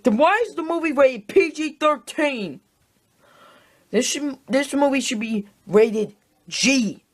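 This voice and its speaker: Slow, exasperated high-voiced film ranter. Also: female voice, animated. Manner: exasperated, repetitive ranting. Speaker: video reviewer. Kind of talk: ranting movie review.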